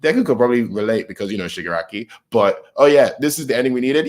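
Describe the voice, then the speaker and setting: A young man giving casual, excitable reaction commentary, getting animated when he argues a point. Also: mid-range voice, racing, few pauses. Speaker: manga reaction host.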